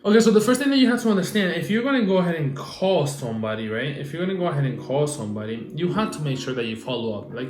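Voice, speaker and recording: A young man coaching on social media marketing in a casual advice vlog, animated and repetitive, acting out phone calls. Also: on the high side, roomy sound. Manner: animated, repeats himself, acts out phone calls.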